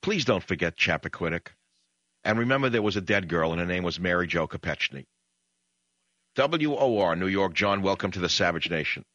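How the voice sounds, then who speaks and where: A man's voice: low voice, expressive, moderate pace, sharp tone, no room sound, muffled recording. A man hosting a political talk radio show, combative and indignant, firing off rhetorical questions. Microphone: studio broadcast mic.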